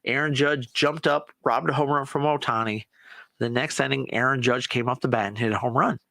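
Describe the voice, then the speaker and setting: A man hosting a podcast, chatting casually and excitably about sports and swearing now and then. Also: medium pitch, brisk, gravelly, no echo. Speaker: podcast host. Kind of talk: casual solo chat.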